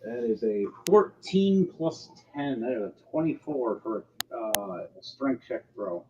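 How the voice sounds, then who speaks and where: A man's voice: medium pitch, very animated, a little slow, mellow, a little hiss or hum. Man running a tabletop game, lo-fi. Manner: loose, filler-heavy narration with frequent ums and uhs. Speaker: game master. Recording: slightly dull, lo-fi sound with faint music behind.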